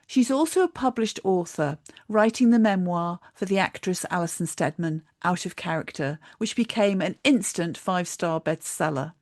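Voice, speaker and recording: A woman's voice: fairly low pitch, normal speed, hardly any pauses, no room sound. Upbeat woman podcast host, dry sound. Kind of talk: podcast interview.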